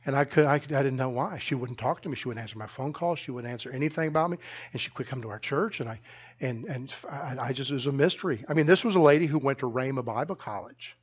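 A male pastor preaching a sermon in a church, telling stories in an animated way with frequent restarts. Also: mid-range voice, fast talker, breathy edge, highs cut off. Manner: animated storytelling with many restarts. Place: church sanctuary.

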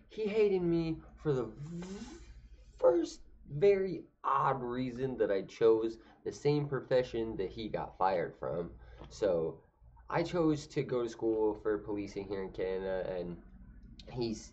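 A man's voice: medium pitch, a little mellow. A young man telling a funny personal story casually, rambling and cursing. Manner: rambling, profane, lots of fillers and restarts. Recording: dull lo-fi recording.

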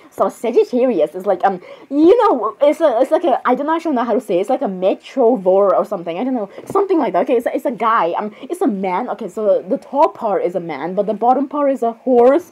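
A woman performing a playful fan role-play skit, voicing several princesses with excitable, dramatic exclamations and flustered restarts. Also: a little high, fast talker, poor audio.

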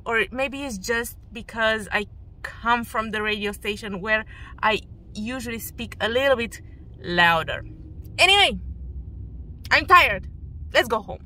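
Woman, 30s, radio presenter type, non-native English, candid vlog delivery, bright tone. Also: on the high side, expressive, a little slow, long pauses, no echo. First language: Romanian. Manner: loud, emphatic and frank. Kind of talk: casual personal vlog.

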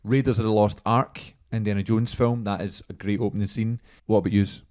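A young man hosting a casual podcast. He talks quickly and rambles through his stories, full of "like"s. His voice sits low. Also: steady tone, darkish tone. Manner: chatty, rambling anecdotes with many "like"s. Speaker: podcast host. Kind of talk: casual chat.

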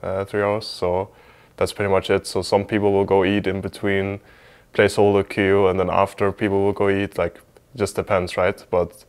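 Low-voiced man, loose hedging talk. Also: flat delivery, normal speed, clear, resonant tone. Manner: hedging, filler-heavy, loose and informal. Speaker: esports team player. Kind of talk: documentary interview.

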